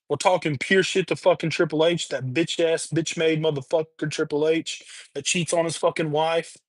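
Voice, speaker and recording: A man with a slightly high voice rants into his streaming mic, swearing constantly and hammering the same points over and over. The sound is close and dry, with no room around it. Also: no room sound. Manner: heated, profane, repetitive ranting. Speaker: livestream host. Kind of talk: angry rant on a livestream. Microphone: webcam or streaming mic.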